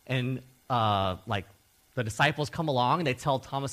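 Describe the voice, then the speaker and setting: A man preaching a sermon as a Bible teacher, emphatic and animated, repeating key words and often checking in with "okay?". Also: medium pitch, normal speed.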